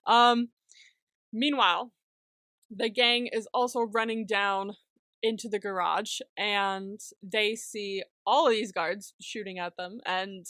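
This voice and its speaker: A woman's voice: mid-range voice, fairly even intonation, slow pace, pushed and bright, no room sound. A woman co-hosting a podcast, recapping an episode in casual chat, laughing often and acting out the characters' lines with plenty of swearing. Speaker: podcast co-host.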